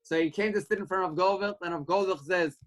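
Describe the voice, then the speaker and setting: High-voiced earnest man teaching Torah. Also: quick pace, low-quality recording. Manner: earnest, rising to animated when quoting, mixes Hebrew and Yiddish terms. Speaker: rabbi giving a Torah class. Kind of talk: Torah class with storytelling.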